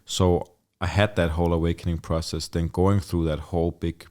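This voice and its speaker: A man's voice: sits low, little pitch movement, normal speed, a little mellow. A middle-aged man, a podcast guest, telling his life story in a loose, candid way, full of "like" and frequent swearing. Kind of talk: casual storytelling in a conversation.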